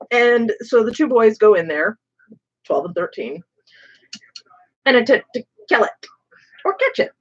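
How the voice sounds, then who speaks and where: A woman hosting a stream, telling a story in a casual, animated way with some swearing. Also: mid-range voice, moderate pace, long pauses, lo-fi sound. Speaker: streamer host. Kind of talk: casual storytelling while painting.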